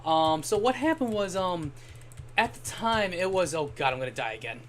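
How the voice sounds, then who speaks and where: Over slight background noise, a young gamer on stream speaks at a moderate pace in an expressive, somewhat bright, high voice. His casual chat drifts into long, rambling stories with the occasional swear word.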